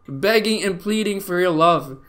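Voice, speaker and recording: A man's voice: sits high, unhurried, fairly bright tone. A man hosting a video, reading tweets aloud and mocking them with sarcastic comments and frequent laughter. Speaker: video host.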